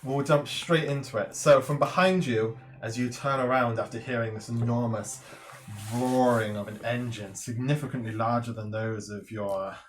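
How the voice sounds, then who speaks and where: A man running a tabletop game as game master, describing scenes and explaining rules in a measured way. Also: mid-range voice, fairly even intonation.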